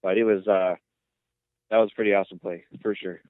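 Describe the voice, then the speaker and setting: A man co-hosting a sports podcast, retelling plays in a rambling, excitable way. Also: fairly low pitch, a little fast, no room sound. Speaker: podcast co-host. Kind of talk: casual sports chat. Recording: tinny phone-like line, dry.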